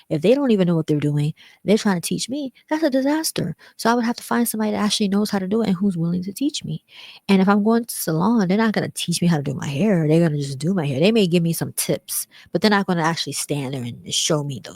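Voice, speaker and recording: A woman talking candidly about growing up, rambling with many fillers and acting out other people in a higher voice. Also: fast, darkish tone, no echo. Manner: rambling, frequent "like" and "um", acts out quoted voices higher. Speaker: vlogger. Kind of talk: personal reflective talk.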